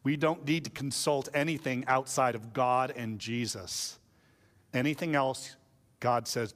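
A man's voice: medium pitch, measured pace, fairly bright tone, long reverb tail. A male pastor preaching a sermon in a casual, joking storytelling way.

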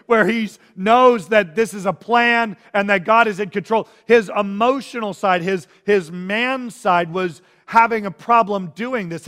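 A man's voice: high-pitched, a bit bright, long reverb tail. A man preaching a sermon as a pastor, earnest, acting out the feelings of the people he quotes.

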